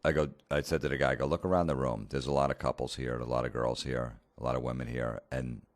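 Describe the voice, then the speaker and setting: A comedian hosting a podcast, telling a blunt, profane story in a casual rant. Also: male voice, extremely low pitch, flat delivery, fast.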